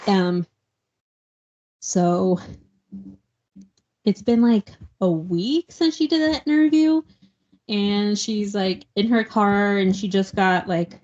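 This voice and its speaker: A woman's voice: medium pitch, slow pace, long pauses, darkish tone. A woman co-hosting a book podcast, casually retelling a novel's plot in a rambling way and filling her speech with "like". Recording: dull lo-fi podcast audio.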